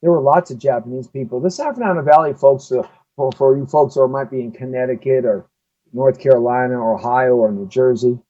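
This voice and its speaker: A man's voice: mid-range voice, fairly quick, warm tone, dull audio. A man from Southern California hosting a talk show, delivering a heated solo rant full of repeated rhetorical questions. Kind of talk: ranting solo monologue.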